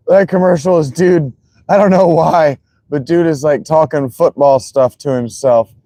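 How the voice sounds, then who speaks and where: A man's voice: on the high side, measured pace, mellow, no echo. A man streaming live as he watches football, chatting casually and greeting viewers by name.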